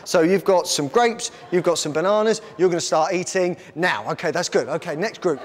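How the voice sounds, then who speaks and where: High-voiced man running a demo. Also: brisk, noisy background. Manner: energetic, bossy, shouting instructions to volunteers. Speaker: science show presenter. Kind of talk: lively live science demonstration.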